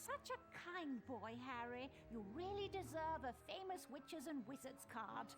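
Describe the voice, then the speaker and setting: A fussing, motherly witch praises a boy, high and very lively in pitch. The game's music plays clearly behind her. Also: measured pace. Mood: doting. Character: kindly motherly witch, warm. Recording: game audio with music.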